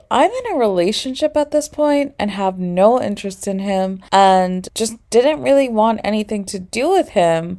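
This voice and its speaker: A woman's voice: mid-range voice, darkish tone. A young woman telling a personal story to camera in a candid, slangy way, swearing often and dropping plenty of casual fillers. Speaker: storytime vlogger.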